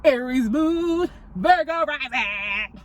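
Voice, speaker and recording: The host of this spiritual podcast is a woman in her twenties whose voice is high, expressive and slow. She speaks casually but bluntly, sassily and profanely, peppering her monologue with "like."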